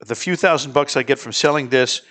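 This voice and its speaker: A middle-aged man hosting a casual talk show, telling lively stories and chatting with his guests. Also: mid-range voice, fairly quick. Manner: chatty, animated anecdote teller. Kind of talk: casual studio chat and storytelling.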